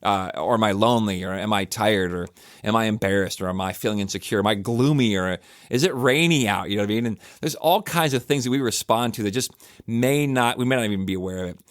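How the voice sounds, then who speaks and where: A man's voice: lowish voice, fast talker, dry recording, clean studio sound. A man in his forties hosting a church podcast, talking in a casual, reflective way with lots of fillers and restarts. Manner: conversational and rambling, many fillers and restarts.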